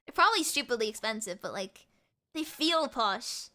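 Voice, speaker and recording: A young woman streaming and chatting with viewers, talking fast and giggling, with a mixed American and British accent. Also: on the high side, animated, sharp tone. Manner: rapid, giggly, repeats words. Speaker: VTuber streamer. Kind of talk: casual live-stream chat with viewers.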